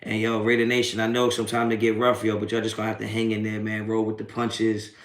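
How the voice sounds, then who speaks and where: Profane streamer in an echoey room. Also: male voice, fairly low pitch, monotone, fast talker. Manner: profane, mocking trolls in chat, laughing often. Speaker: sports reaction streamer. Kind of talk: live post-game stream chat.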